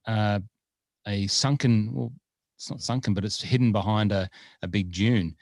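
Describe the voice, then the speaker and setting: A man with a very deep voice co-hosts a golf podcast in easygoing chat. He rambles along with plenty of fillers and false starts. The sound is dry and close, with no room around it. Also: moderate pace, vocal fry, darkish tone, no echo. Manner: rambling, with many fillers and restarts.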